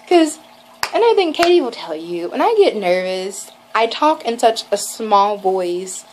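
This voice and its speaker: A young woman vlogging, telling a rambling, excited story full of "like" and quoted lines. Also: mid-range voice, measured pace, a little hiss or hum, rough recording. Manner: gushing, rambling, lots of "like" and acted quotes. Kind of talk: casual storytelling vlog.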